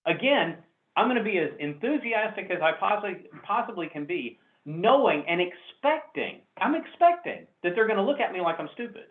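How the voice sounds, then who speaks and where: A man running a sales training class, animated and coaching, acting out customer exchanges over a video call. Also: sits high, moderate pace. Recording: echoey, tinny call audio.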